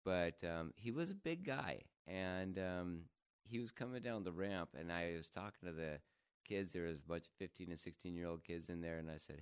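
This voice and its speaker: A man telling a funny story in casual chat, laughing often and jumping higher when he quotes people. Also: moderate pace, clear, resonant tone, no echo, studio quality. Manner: animated, laughs often, jumps to higher pitch for quoted voices.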